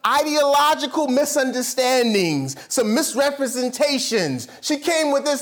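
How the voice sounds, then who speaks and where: A pastor preaching a sermon to his church, swinging from loud, high bursts down to low murmurs. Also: lively intonation, moderate pace, few pauses.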